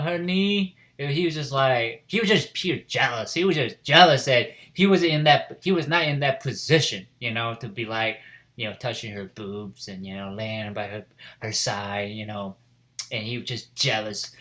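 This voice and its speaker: A man's voice: medium pitch, bright, forceful tone. A man casually reviewing an anime episode, rambling with lots of "you know" and "like" and restarting his phrases.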